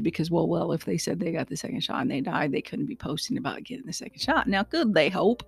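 A woman's voice: fairly low pitch, sing-song, fast talker, gravelly, few pauses, darkish tone, husky, soft background music. A woman hosting a casual solo podcast, talking earnestly and outspokenly with fillers and asides to her listeners. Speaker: podcast host.

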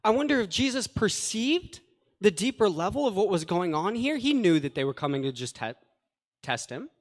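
This pastor's high voice is very animated as he preaches at a normal speed, reading scripture and tossing in plain-language paraphrases and asides in an earnest, conversational way. The recording carries a long hall reverb.

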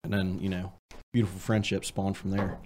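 A man's voice: low-pitched, little pitch movement, a little fast, darkish tone, slight background noise. A young man hosting a casual podcast, talking loosely and joking around with his friends. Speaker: podcast host.

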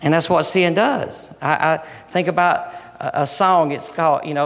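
A man's voice: a little high, fairly even intonation, normal speed, few pauses. A man preaching a sermon in a conversational way, often restarting his sentences. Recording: long hall reverb.

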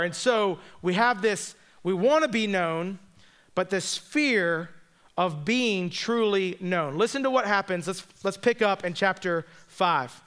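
A man's voice: high-pitched, lively intonation, a little slow, fairly bright tone, clear, resonant tone. A man preaching a sermon in a conversational, joking way, speaking straight to the congregation. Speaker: pastor.

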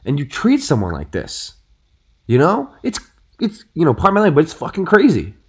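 A man in a casual podcast discussion, telling stories in an animated way, full of "you know" and "dude". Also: fairly high pitch, brisk, slight background noise. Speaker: podcast co-host.

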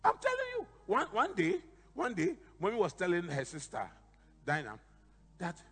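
A bishop preaching a sermon, telling animated stories with sudden shouted emphasis. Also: male voice, high-pitched, moderate pace, slightly rough, in a large hall.

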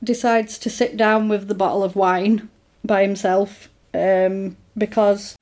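A woman's voice: mid-range voice, slow pace. A woman in casual chat, retelling a film's plot and acting out the characters' lines. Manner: animated, acts out characters' lines in quoted voices.

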